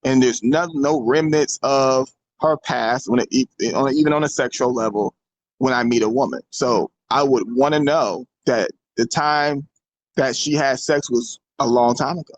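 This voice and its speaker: A man's voice: medium pitch, moderate pace, low-quality recording. A man hosting a casual opinion show, talking bluntly and emphatically, with some swearing. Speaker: show host.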